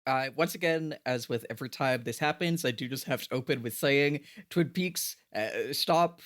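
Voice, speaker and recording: A man's voice: mid-range voice, a little fast, fairly bright tone. A man co-hosting a podcast, chatting casually in a rambling way full of fillers. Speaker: podcast co-host.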